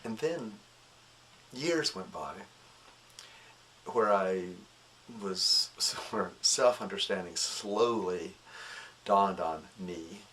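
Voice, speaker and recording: A man telling a personal story, shifting between animated, laughing recollection and a soft, hushed, reflective tone. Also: low-pitched, drawn-out words, pauses often, slight background noise. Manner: animated, laughing, acts out voices when excited. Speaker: devotee recounting a story.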